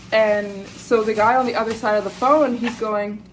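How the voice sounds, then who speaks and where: A woman's voice: mid-range voice, normal speed, few pauses, slight background noise, poor audio. Indignant American woman vlogger. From United States. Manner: animated, indignant, addresses viewers as "you guys". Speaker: travel vlogger. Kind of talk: casual storytelling to camera.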